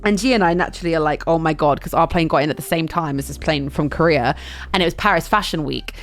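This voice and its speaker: A young woman streamer telling a chaotic travel story in casual chat, animated and full of fillers and restarts. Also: low-pitched, fast talker, faint music behind.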